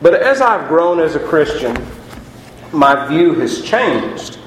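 A man preaching a sermon as pastor, chatty and lively, asking the congregation rhetorical questions. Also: on the high side, takes it slowly, a little hiss or hum. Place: church sanctuary. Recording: echoey hall.

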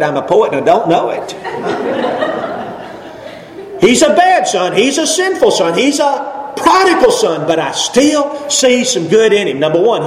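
A high-voiced preacher in his fifties delivers a folksy, emphatic sermon, his voice climbing on each exclamation. He is heard in a roomy church sanctuary with long reverb and faint room ambience. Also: slight background noise. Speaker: pastor.

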